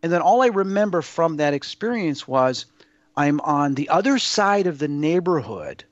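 Earnest rambling man, slightly high voice. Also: very animated, moderate pace, no echo, dull audio. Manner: earnest, rambling, with many fillers and restarts. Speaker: guest sharing personal experiences. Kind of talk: casual spoken storytelling.

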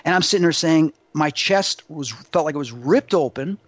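A man being interviewed as a psychic medium, telling his story with animated emphasis. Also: on the high side, moderate pace, no echo. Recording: dull dry lo-fi sound.

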